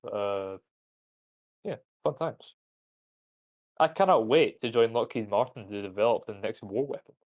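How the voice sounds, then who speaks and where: A man's voice: lowish voice, a little slow, long pauses, dry recording, lo-fi sound. Profane rambling streamer man. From Britain. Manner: rambling, profane, laughing at his own jokes. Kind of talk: casual gaming stream chat.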